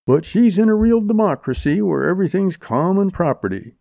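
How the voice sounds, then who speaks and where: A man's voice: sits high, expressive, brisk, gravelly, no echo, pitched above the performer's own voice. A man voicing a frontier doctor among outlaws, speaking in a soothing, coaxing drawl. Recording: dull lo-fi audiobook recording.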